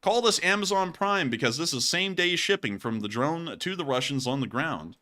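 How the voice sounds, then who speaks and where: A man hosting casual commentary on war footage, joking and excitable and quick to laugh. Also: a little high. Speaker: host.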